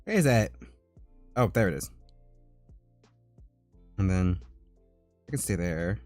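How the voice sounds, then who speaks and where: A man streaming as an artist, chatting casually as he works and breaking into high squeals of disgust and laughter. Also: lively intonation, slow, darkish tone, no room sound, faint music behind. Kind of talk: casual live-stream chat while drawing.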